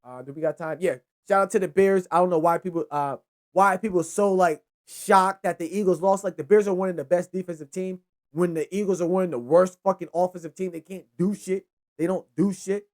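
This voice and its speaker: A man's voice: sits high, fairly even intonation, fairly quick. Rambling, profane young man recapping football. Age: young adult. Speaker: sports show host. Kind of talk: casual solo football recap.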